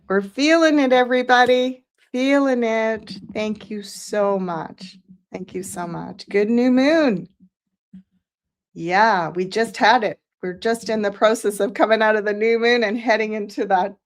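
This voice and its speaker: A woman hosting a live psychic show, reading out viewer comments and thanking them one by one in an effusive, unhurried way. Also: medium pitch.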